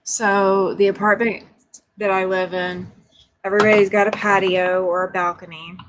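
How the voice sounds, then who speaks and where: A woman from Alabama co-hosting a casual livestream, telling stories in a relaxed way. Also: mid-range voice, moderate pace, noisy background.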